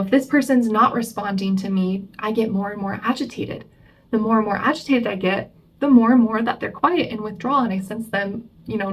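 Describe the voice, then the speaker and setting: A woman therapist giving relationship advice in a chatty vlog, explaining and acting out the things people say to themselves. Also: mid-range voice. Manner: chatty, explains, acts out quoted self-talk. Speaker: family therapist.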